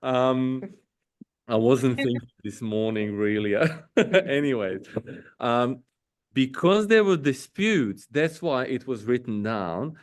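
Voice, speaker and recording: A man with a non-native English accent leading a parish Bible study, reading scripture aloud, with many pauses, fillers and self-corrections. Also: mid-range voice, lively intonation. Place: parish meeting room.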